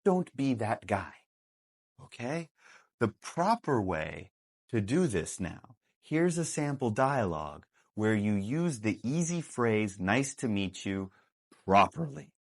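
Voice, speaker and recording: Male English teacher, low voice, very lively delivery, slow and emphatic. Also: creaky. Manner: slow, emphatic explaining with acted example lines. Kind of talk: classroom video lesson. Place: classroom with a board.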